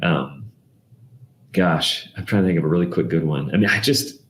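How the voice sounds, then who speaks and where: A man, a downsizing expert, telling animated stories in a casual interview and acting out the people he quotes. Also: low voice, normal speed, reverberant. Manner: animated storyteller, acts out quoted voices. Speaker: guest, downsizing expert and TV host.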